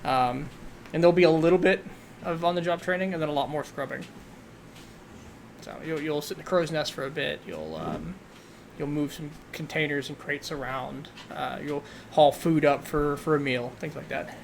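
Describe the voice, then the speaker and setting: A man's voice: on the high side, steady tone, moderate pace, gravelly, a little hiss or hum. Laid-back man running a tabletop game. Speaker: game master.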